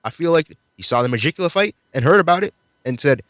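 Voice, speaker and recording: A man's voice: a little high, expressive, fast, fairly bright tone, no echo, clean studio sound. A man casually reviewing a manga chapter, swearing freely as he recaps the fights. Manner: laid-back, profane, enthusiastic recapping. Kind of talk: casual video commentary.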